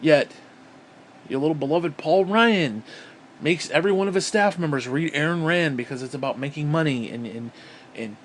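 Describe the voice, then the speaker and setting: A man's voice: on the high side, slight background noise. A man from upstate New York delivering an angry, profane, sarcastic political rant on his vlog. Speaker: vlogger.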